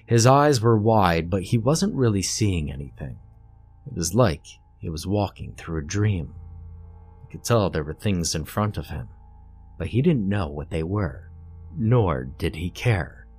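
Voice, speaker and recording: A man reading a horror story aloud in a steady, measured narration. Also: low-pitched.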